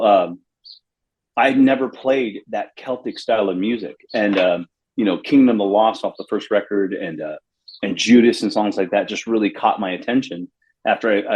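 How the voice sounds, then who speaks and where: A middle-aged man from Los Angeles, a bass player telling rambling, animated stories in a casual interview. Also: dull audio, a little hiss or hum. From Los Angeles, USA. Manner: rambling, animated anecdotes with acted quotes.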